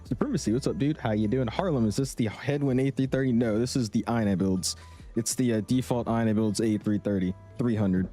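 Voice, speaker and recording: A man's voice: medium pitch, brisk, dark tone, soft background music. A young man streaming a flight sim, chatting casually and greeting viewers by name. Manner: laid-back, greets chat by name. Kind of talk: casual live-stream chat.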